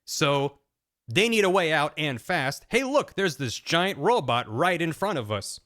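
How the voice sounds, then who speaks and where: A man's voice: a little high, sing-song, a little slow, a bit bright. Rambling, chatty male streamer. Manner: rambling, chatty, frequent fillers and restarts. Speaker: streamer host. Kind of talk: casual plot recap.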